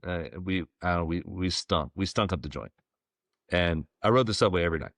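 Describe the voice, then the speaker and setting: A man in his forties, a former ballplayer, telling stories as a podcast guest in a relaxed, rambling way with plenty of fillers. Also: deep voice, brisk, no echo, studio quality. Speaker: guest, former pro baseball player. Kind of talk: casual storytelling interview.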